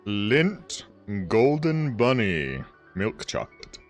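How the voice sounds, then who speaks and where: Relaxed male streamer, lowish voice with lively swings, unhurried chatter with viewers. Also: faint music behind. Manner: laid-back, rambling, chatty with viewers. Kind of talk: casual livestream chat.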